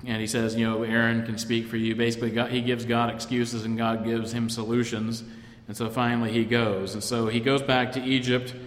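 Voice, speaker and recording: Man teaching Bible class in echoey hall. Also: mid-range voice. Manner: thoughtful, halting, with frequent restarts. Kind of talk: informal Bible class lecture. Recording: echoey room with long reverb.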